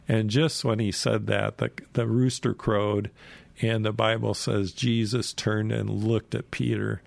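A man's voice: fairly low pitch, flat delivery, moderate pace, gravelly, no echo. A man casually retelling Bible stories in a rambling way, full of fillers.

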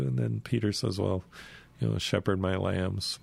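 A man telling a Bible story in a loose, chatty way, acting out the quoted lines with fillers and soft chuckles. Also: fairly low pitch, moderate pace, creaky, no echo. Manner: retells scenes with lively quoted voices, chuckling, many fillers.

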